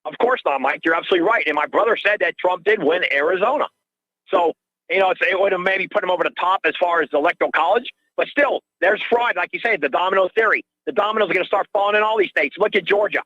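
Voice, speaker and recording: Older guy ranting on a call-in show, fast and high, dull lo-fi line. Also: no echo. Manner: agitated, ranting, repeats himself. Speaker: caller. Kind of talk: call-in radio rant.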